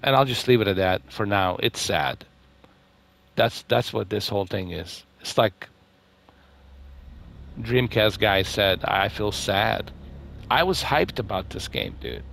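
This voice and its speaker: A man with a low voice and a gravelly, fry-heavy edge talks through a casual game review. He rambles and repeats himself, leans on fillers, and sounds let down, trailing off into mumbles. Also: very animated, a little slow, long pauses, a bit bright. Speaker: gaming video host.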